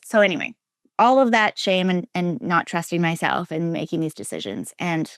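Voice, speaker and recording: Her voice fairly low and expressive, a Minnesota woman who works as a relationship coach recounts her life story as an interview guest at a moderate pace. Earnest and emphatic, she frequently restarts, voices her inner thoughts as quotes, and softens almost to a whisper at weighty points; the studio audio is clean with no echo.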